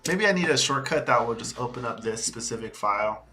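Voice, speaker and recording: A man streaming a quiet coding study session, talking to himself in halting bits as he works. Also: medium pitch, lively intonation, slight background noise. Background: soft music and keyboard typing.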